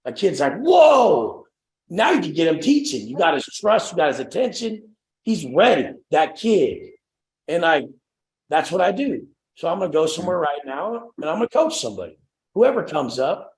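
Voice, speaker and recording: A brash young man leads a motivational group coaching call, swearing freely and acting out the voices of the people he talks about. His voice sits a little high. The sound is roomy and echoing. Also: very animated, moderate pace.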